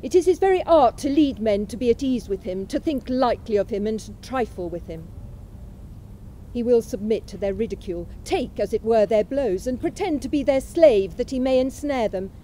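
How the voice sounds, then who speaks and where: In a college chapel, a woman speaking at a memorial reads a lecture aloud in a mellow, fairly high voice with lively intonation. Her pace is calm and literary, giving every line space without display, though the audio is poor with slight background noise.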